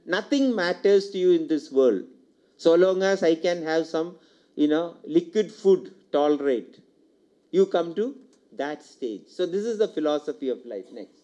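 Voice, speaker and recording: In a dull, lo-fi recording from a lecture hall, an older university lecturer with an Indian English accent addresses the public. He sits high in pitch with a warm tone, throwing rhetorical questions at his listeners and circling back to his main points.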